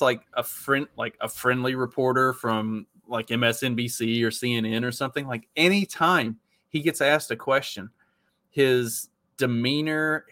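A man's voice: mid-range voice, a bit bright, no room sound. A man co-hosting a podcast, talking casually and rambling with many fillers. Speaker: podcast co-host. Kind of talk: casual political commentary.

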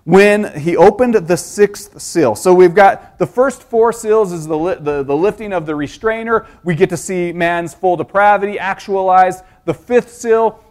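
A man with a high, light voice preaches a sermon. He teaches earnestly, poses rhetorical questions to his listeners and often restarts his sentences mid-thought. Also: a little mellow.

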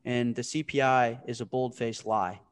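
Animated, profane young man telling stories. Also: medium pitch, normal speed, smooth, no echo. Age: 20s. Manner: animated, profane, storytelling with acted-out quotes. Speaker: podcast guest, startup founder. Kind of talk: casual storytelling interview.

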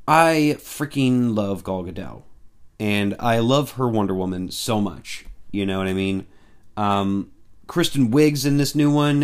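A man vlogging casually about upcoming films, excitable and quick to get worked up, with lots of fillers. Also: medium pitch. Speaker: movie fan vlogger.

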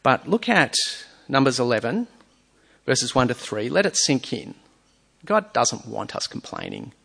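A preacher with a gravelly, breathy-edged voice of medium pitch delivers a sermon at a measured pace, his pitch swooping wildly and his tone fairly bright. Between explanations he reads scripture aloud and asks earnest rhetorical questions, in a church or hall with a screen.

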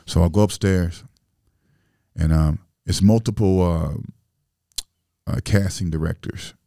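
Brief: low, mellow man with a gravelly edge, relaxed and profane, guest on a podcast with a close, dry mic. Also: unhurried, dry recording. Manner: loose, profane street talk with many fillers. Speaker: interview guest. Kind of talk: casual podcast storytelling.

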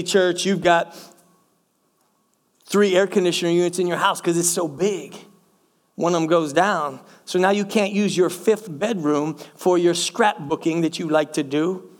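High-voiced pastor preaching emphatically. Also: male voice. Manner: emphatic, repeats phrases for effect; speaks directly to the congregation as church. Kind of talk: sermon.

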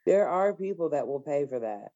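A woman's voice: deep voice, expressive, normal speed, mellow, dry recording, muffled recording. A woman chatting casually and bluntly over a video call, telling stories full of swearing and laughter. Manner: blunt, profane, storytelling with laughs. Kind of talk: casual chat.

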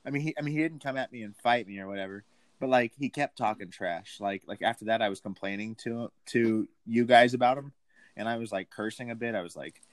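A man's voice: mid-range voice, brisk, no echo. A man telling a rambling story in casual chat, full of fillers and restarts.

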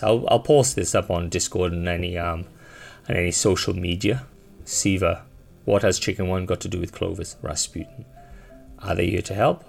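A man's voice: deep voice, fairly even intonation, a little fast, creaky, breathy edge, soft background music. A man narrating as game master of a tabletop game, in a casual, rambling manner full of fillers.

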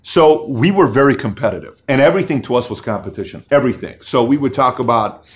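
Host, male, middle-aged, animated storyteller, mid pitch, fillers. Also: fast talker. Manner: excited, acts out voices in anecdotes, frequent fillers. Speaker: podcast host and business owner.

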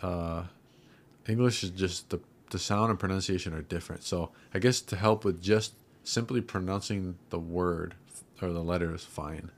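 A man in casual podcast chat, patiently explaining pronunciation and slowing words down to demonstrate them. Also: low voice, fairly even intonation.

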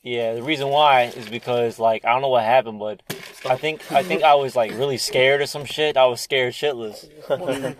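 A young man with a mid-range voice and fairly even intonation talks at normal speed in crude casual chat with friends. He rambles, swears a lot, repeats words, and laughs partway through his stories.

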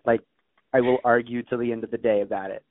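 A man's voice: medium pitch, fairly even intonation, fast talker, no echo. A nineteen-year-old man chatting casually on a phone call. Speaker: guest on a call. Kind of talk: casual chat. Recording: tinny phone line.

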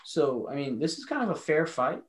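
Male podcast co-host, higher-pitched, casual and rambling, jokey. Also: sing-song, a little fast, crowd noise, rough recording. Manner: enthusiastic, rambling, joking. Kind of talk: casual chat.

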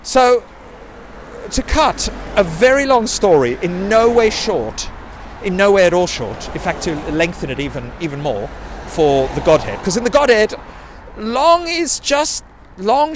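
A man's voice: high voice, animated, a little slow, a little hiss or hum. A man, telling a rambling personal story in a sweary, self-mocking way. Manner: sweary, self-mocking, digressive, with quoted put-on voices.

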